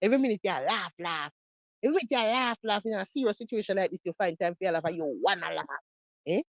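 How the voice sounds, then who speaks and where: A woman's voice: medium pitch, animated, fast, dry recording, highs cut off. Mocking Jamaican woman ranting. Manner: mocking, heated, repeats herself. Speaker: commentator reacting to a video. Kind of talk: reaction commentary.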